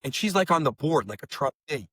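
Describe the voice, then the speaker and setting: A man's voice: fairly high pitch, big pitch swings, fairly quick, a bit bright, husky, no room sound. A middle-aged man, a bereaved father, telling stories in an emotional interview; he talks in a rambling, heated, profane way. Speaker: bereaved father and podcast guest.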